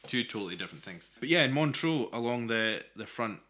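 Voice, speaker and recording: Scottish man with a bright, forceful voice. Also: medium pitch, lively intonation, fairly quick. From Scotland. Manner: rambling anecdotal, dry humour. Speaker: podcast co-host. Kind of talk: casual storytelling chat.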